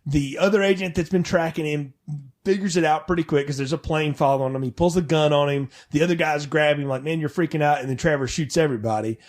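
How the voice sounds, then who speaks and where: A man co-hosts a casual movie podcast, his voice sitting a touch higher than most. He talks in an animated, joking way and keeps slipping into quick mock voices for the people he describes. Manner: animated, jokey, acts out characters' lines. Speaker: podcast co-host. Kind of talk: casual film-review chat.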